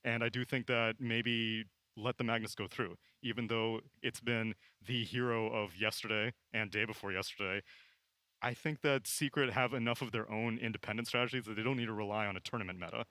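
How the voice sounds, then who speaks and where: A man's voice: lowish voice, pushed and bright. A man analysing strategy on a live esports panel, thoughtful and explaining at length.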